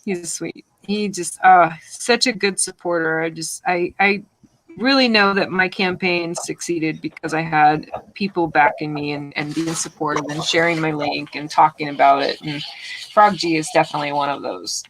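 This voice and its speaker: A woman's voice: deep voice, steady tone, a bit bright, no room sound, low-quality recording. Chatty woman host on a video call. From Louisiana. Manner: chatty, effusive, quick to laugh. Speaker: art streamer, host. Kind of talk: casual video chat.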